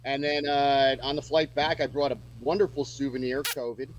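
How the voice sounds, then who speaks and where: A man's voice: medium pitch, steady tone, moderate pace, highs cut off, background noise. A man chatting casually as a musician guest on a radio show, rambling with lots of fillers and restarts.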